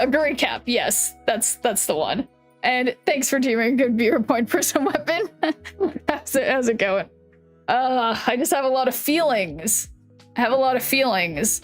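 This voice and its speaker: A woman streamer chatting casually with her viewers, rambling, restarting sentences, swearing and laughing often, her voice a little worn from yelling. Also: sits high. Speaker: live streamer.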